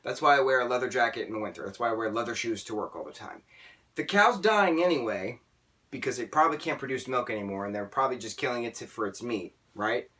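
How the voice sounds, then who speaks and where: A man talking casually in an opinion vlog, emphatic and animated, often checking in with "right?". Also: mid-range voice, fast. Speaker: vlogger. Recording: voice a bit distant from the mic.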